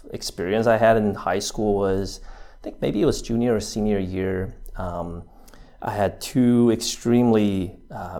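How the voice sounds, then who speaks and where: A man's voice: lowish voice, gravelly, mellow. A man in his thirties with an American accent, talking through his background in an interview, hesitant, with many fillers and restarts. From New Zealand. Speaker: interview guest. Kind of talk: casual interview.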